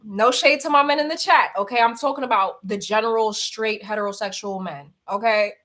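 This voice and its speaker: A woman's voice: fairly high pitch, brisk, a bit bright. A young woman hosting a livestream, chatting candidly with viewers in slangy talk and laughing often. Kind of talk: casual chat.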